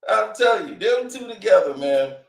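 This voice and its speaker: A man giving comedic gossip commentary in an animated, slangy way, in an echoey room. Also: sits high, normal speed. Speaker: commentary host.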